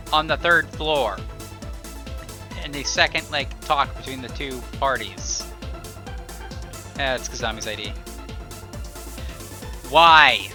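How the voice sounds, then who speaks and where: Young man, let's play commentary, bright tone, playful rants. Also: fairly high pitch. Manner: playful, mock-ranting, hums sound effects. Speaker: gameplay YouTuber.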